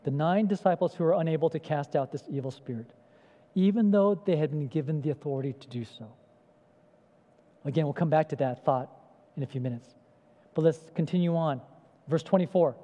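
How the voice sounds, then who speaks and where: A man's voice: fairly high pitch, a little fast, pauses often. A man preaching a sermon in a conversational way, often asking the congregation questions. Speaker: pastor. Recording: echoey hall, dull lo-fi sound.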